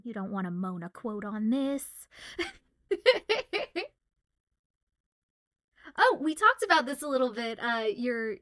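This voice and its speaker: Bright-voiced chatty woman from Southwest Louisiana. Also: a little high. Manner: chatty and giggly, with many fillers. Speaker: voice actor signing autographs on stream. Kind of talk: casual livestream chat.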